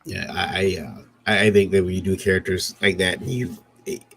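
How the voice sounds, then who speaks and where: A man's voice: sits low, fairly even intonation, moderate pace, fairly bright tone, slightly rough. A man chatting casually about writing comics, rambling and restarting his sentences with jokes along the way. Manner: rambling, self-interrupting, jokey. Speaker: comic creator guest. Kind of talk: casual panel chat.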